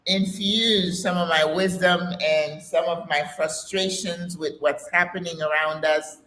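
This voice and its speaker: A woman's voice: lowish voice, fairly even intonation, unhurried, a bit bright, a little hiss or hum. A woman in her sixties talks straight to camera, emphatic and a bit preachy, calling her listeners sis. Her voice rings out in a roomy, echoey space. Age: 60s. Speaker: channel host. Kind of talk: casual motivational talk to camera.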